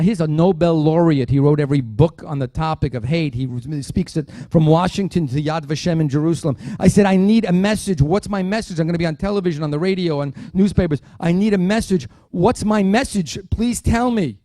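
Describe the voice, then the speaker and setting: A keynote speaker with a slightly high voice tells a story at a dinner, animated and dropping humorous asides while acting out the dialogue in quotes. It's studio quality, with no room sound.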